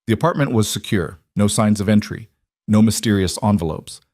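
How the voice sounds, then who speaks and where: Guy narrating a drama story, low voice, terse and measured, dry close mic. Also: a little mellow, no room sound.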